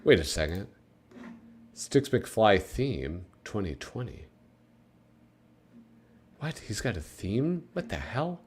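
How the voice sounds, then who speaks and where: A livestream host with a fairly low pitch speaks slowly, with big pitch swings, long pauses, and a breathy edge. His casual live commentary rambles as he chats with viewers, full of fillers.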